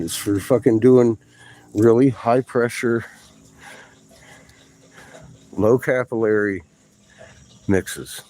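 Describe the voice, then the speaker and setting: A man excitedly commenting on his finds in a dug pit outdoors, rambling and swearing as he goes. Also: medium pitch, slight background noise, low-quality recording. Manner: profane, rambling, bursts of excitement. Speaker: amateur researcher vlogging a dig.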